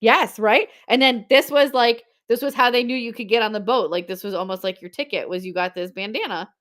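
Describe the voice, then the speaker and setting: Her voice runs slightly high, slightly quick and a touch bright. She's a woman in her forties keeping a live-stream sale loose and chatty, sharing stories, laughing often and responding to viewer comments as they arrive.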